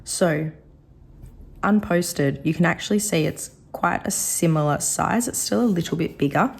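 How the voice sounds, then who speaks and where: A woman with a slightly rough, coughing throat, chatting casually as she reviews a pen. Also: fairly low pitch, a little slow. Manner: chatty, rambling, softly admiring. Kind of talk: casual product review vlog.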